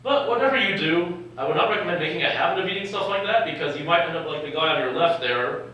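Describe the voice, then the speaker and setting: This young California man, a physician and medical educator, talks fast with a sharp tone, a higher-leaning pitch, and lively intonation. He jokes and chuckles often while addressing medical students live, recorded from far away in a lecture hall.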